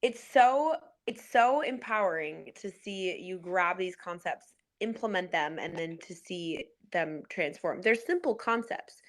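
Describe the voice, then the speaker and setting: A woman's voice: on the low side, lively intonation, unhurried, hardly any pauses. Encouraging woman coach. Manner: encouraging, reflective. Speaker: life coach, host. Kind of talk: casual conversation.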